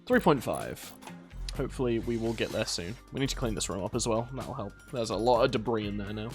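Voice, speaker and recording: A British gaming video host casually commentates a colony game, rambling about side topics and scolding his characters in exasperation. His voice is fairly low and a little fast, with faint game music behind him.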